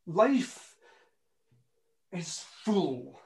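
A man preaching a sermon, impassioned, moving between quiet asides and ringing emphasis. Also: a little high, moderate pace, slight background noise.

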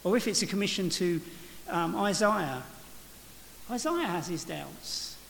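Unhurried and expressive, a high-voiced man preaches in a church with vocal fry and a fairly bright tone. He muses reflectively, restarting phrases and saying "you know" often, amid reverb and faint hiss.

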